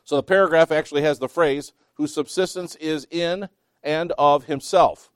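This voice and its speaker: A man teaching a Bible class, reading scripture slowly with emphasis between chatty asides and small self-laughs. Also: a little high, fairly even intonation, no room sound, studio quality.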